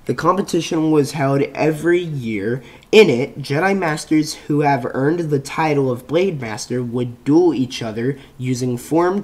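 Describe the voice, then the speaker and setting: Slow, halting man reading aloud. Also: medium pitch, darkish tone. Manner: halting reading with frequent restarts and self-corrections; slow, offhand asides between read passages. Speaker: channel host. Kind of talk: reading a reference page aloud on stream.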